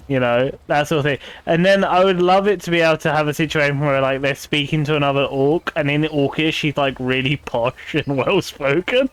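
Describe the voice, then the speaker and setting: A man's voice: a little high, a bit bright, smooth, no echo. A young man streaming a video game, chatting casually in a rambling way and laughing often. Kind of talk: casual gameplay commentary.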